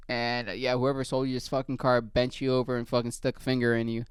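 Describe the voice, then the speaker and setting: A man casually telling a rambling, profane story as a podcast host, in a low-key way. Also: completely flat delivery, quick pace, clear, resonant tone, dry recording, clean studio sound.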